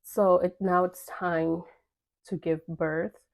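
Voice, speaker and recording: A woman's voice: on the low side, level tone, slow pace, gravelly, a little mellow. A young woman telling a personal story in casual vlog chat, full of fillers and quoted dialogue. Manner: chatty, filler-heavy, acts out quoted dialogue.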